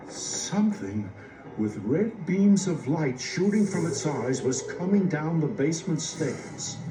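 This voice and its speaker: A man reading a picture-book story aloud in an expressive, playful way, teasing his listeners. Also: on the high side. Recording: roomy, distant sound with music.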